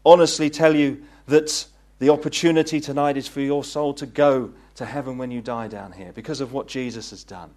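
A man preaching a gospel sermon, earnest and pleading, rising to fervent peaks and then dropping low. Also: steady tone, brisk, hardly any pauses, darkish tone. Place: meeting hall.

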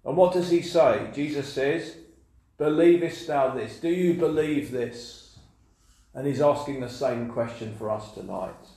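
Male preacher, earnest, repeats words for emphasis; warm low-bright tone, heavy room echo. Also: normal speed, vocal fry. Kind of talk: sermon. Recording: very echoey room.

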